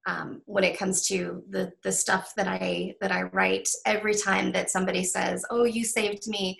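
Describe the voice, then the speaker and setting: A middle-aged woman author in a candid interview, talking haltingly with many restarts and ums. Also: mid-range voice, fairly even intonation, creaky, a bit bright, poor audio. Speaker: author guest.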